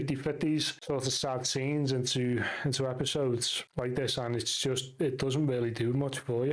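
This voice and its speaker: A man's voice: medium pitch, rough recording. A man giving a casual, sarcastic and sweary recap of a TV episode. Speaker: reaction video host.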